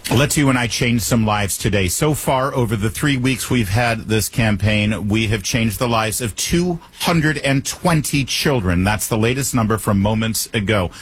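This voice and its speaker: Wry, husky-voiced male talk host. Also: fairly low pitch, lively intonation, normal speed, few pauses. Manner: wry and teasing, punning. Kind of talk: joking monologue.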